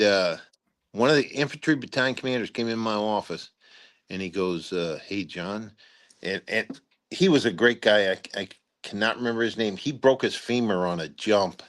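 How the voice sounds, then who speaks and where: Older guy, low-ish voice, rambling war stories, keeps restarting and does the quotes loud. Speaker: retired general, guest. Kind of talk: storytelling interview.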